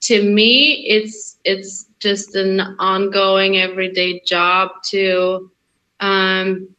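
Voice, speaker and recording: A woman's voice: medium pitch, little pitch movement, drawn-out words, sharp tone, poor audio. A young woman with a light Russian accent, an actress guest on an interview podcast, talking in an earnest, emphatic way and often repeating phrases. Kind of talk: casual interview chat.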